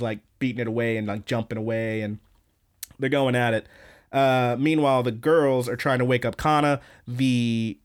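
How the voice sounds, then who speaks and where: A man's voice: medium pitch, smooth. A man hosting a podcast, casually recapping an anime episode in a rambling, profane way with lots of fillers and restarts. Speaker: podcast host.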